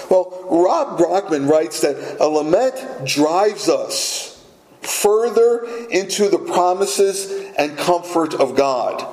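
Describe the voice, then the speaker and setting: Pastor guy preaching slow, kinda high voice, echoey room, repeats stuff for emphasis. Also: a little mellow. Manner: deliberate, emphatic repetition. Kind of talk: sermon.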